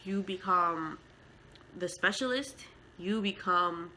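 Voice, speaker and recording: Heartfelt bright-voiced mother vlogging. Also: lowish voice, slow, slight background noise, rough recording. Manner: heartfelt, emotional, with many fillers. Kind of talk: casual storytelling vlog.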